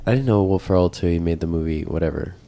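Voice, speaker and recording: Animated young man telling a story. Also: sits low, fast. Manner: animated, laughing, profane, mimics his mother. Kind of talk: casual chat, storytelling.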